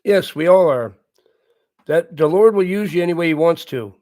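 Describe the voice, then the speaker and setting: A man's voice: fairly high pitch, animated, normal speed, a little mellow. A man hosting a live stream, reading viewer comments aloud and answering them in an earnest, repetitive, casual way with frequent chuckles. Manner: earnest, repeats himself, chuckles often. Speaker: livestream host reading chat.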